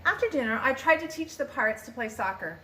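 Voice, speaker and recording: Lively older woman reading a storybook. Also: high voice, fast. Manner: lively, expressive read-aloud with small slips. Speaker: grandmother reading to grandchild. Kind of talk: reading a picture book aloud. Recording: roomy echo.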